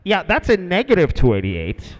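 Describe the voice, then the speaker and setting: A comedian doing a fed-up air traffic controller. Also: male voice, on the high side, animated, a little slow, voice pushed down. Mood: curt. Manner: curt, sarcastic.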